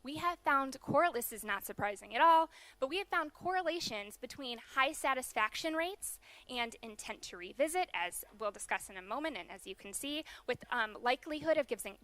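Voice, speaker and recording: A young woman from the USA giving a conference keynote, explaining data in a brisk manner with some fillers. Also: fairly high pitch, expressive, fairly bright tone. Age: young adult. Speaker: keynote speaker. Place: large conference hall.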